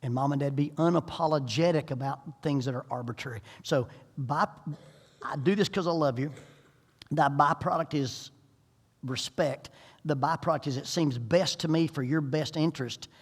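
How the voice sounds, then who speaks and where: A middle-aged preacher delivers a sermon with folksy humor and lively storytelling. His voice sits a touch high, and it rings with the long reverb of a church sanctuary. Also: normal speed, husky. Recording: echoey church hall.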